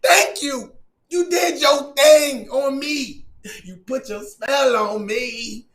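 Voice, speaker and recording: A man performing an animated comedic monologue, shouting and preaching his story with laughing asides. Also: very high voice, slow pace.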